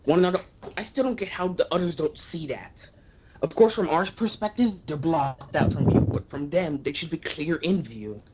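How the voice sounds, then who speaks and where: A man co-commentating a game, excitable and making wisecracks. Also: fairly high pitch, moderate pace, a little hiss or hum, rough recording.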